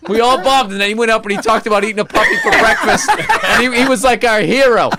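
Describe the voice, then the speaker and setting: A male comedian telling a story in casual chat, excited and profane, laughing as he goes. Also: high-pitched, fast talker, very noisy. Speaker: comedian guest.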